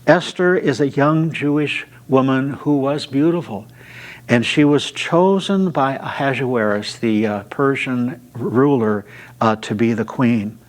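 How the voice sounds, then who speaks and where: Unhurried man teaching a Bible study. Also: mid-range voice. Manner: unhurried retelling with frequent "uh" fillers.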